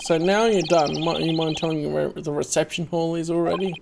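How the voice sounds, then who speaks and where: A woman's voice: low voice, steady tone, a little fast, gravelly, hardly any pauses, noisy background. A woman hosting a casual game playthrough, reading along and commenting in an amused way. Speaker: gaming host.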